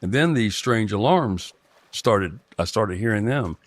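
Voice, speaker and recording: Man, middle-aged, low-pitched, close dry sound, halting rambling storytelling. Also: animated, no echo. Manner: halting, with frequent restarts and fillers. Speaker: guest telling a personal experience. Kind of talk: rambling first-person storytelling.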